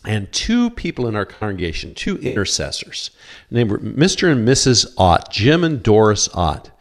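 A man's voice: on the low side, very animated, moderate pace. A middle-aged man preaching a sermon as a pastor, earnest and quoting scripture, often stammering on repeated words. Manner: cites scripture verses.

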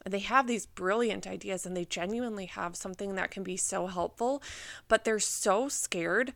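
A woman's voice: mid-range voice, moderate pace, vocal fry, a bit bright, no room sound. A young woman hosting a podcast, giving casual advice in a chatty way full of "like" and acted-out worried thoughts. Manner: chatty, uses many "like"s, acts out anxious inner thoughts. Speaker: podcast host and business mentor.

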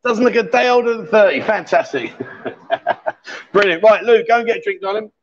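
A man with a high, light voice hosts a live stream from a bar, teasing and joking with his guests in easy banter. The audio is dull and lo-fi. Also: normal speed, a little hiss or hum. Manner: teasing, jokey and chatty. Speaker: livestream host.

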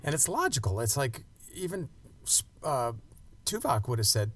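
A man's voice: mid-range voice, sing-song, moderate pace. A man co-hosting a podcast, recapping an episode with enthusiasm and acting out quotes in casual chat. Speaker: podcast co-host.

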